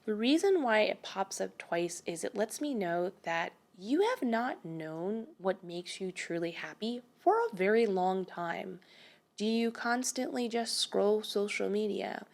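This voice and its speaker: A woman's voice: mid-range voice, sing-song, measured pace, creaky, darkish tone. A young woman giving a pick-a-card tarot reading in a chatty, emphatic way with lots of fillers. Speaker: tarot reader.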